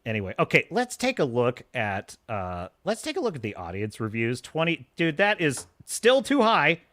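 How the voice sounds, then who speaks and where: Animated ranting male streamer. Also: on the high side, moderate pace, dry recording. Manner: animated, scornful, laughs often. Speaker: streamer reacting to reviews. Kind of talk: live-stream rant.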